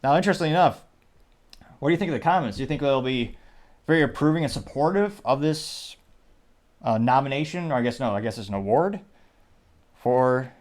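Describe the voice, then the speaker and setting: A man hosting a casual commentary show, wryly reading out posts and their like counts. His pitch sits in the everyday middle range for a man. He rambles through asides at a loose pace. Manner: wry, rambling, reads quotes aloud with "quote, unquote". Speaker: show host.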